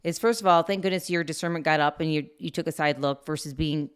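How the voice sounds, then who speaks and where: A middle-aged woman co-hosting a parenting podcast in casual chat, gently advising. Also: deep voice, fast, clean tone. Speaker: podcast co-host.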